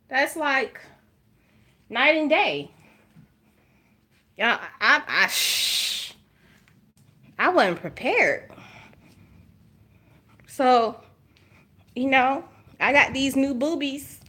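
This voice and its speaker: A woman with an Alabama drawl talks to camera at home, her voice sitting a touch high. She is frank and jokey, always speaking straight to her viewers. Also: sing-song, extremely slow, pauses often, bright, forceful tone. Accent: Southern US, Alabama. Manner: candid, joking, talks straight to viewers as y'all. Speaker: vlogger. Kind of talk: casual chat to camera. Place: at home by her makeup table.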